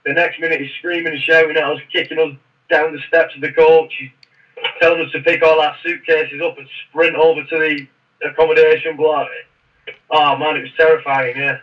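Brief: man, fairly high, bright voice, rambling storyteller, mic distant and muffled. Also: level tone, moderate pace. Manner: rambling, frequent restarts. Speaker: podcast guest, former Royal Marine. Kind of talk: casual interview storytelling. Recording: muffled, distant podcast audio.

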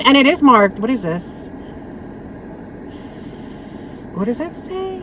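A woman's voice: high voice, big pitch swings, noisy background. A woman in her thirties chatting casually about her thrift finds, blunt and full of "like" fillers. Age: 30s. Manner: chatty and blunt, many "like" fillers, quick laughs. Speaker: vlogger. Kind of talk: casual thrift haul chat.

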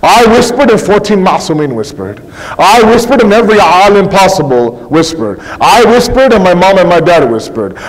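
A man's voice: fairly high pitch, big-room sound, low-quality recording. A male preacher giving a conversational sermon full of rhetorical questions and acted-out quotes. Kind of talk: religious sermon.

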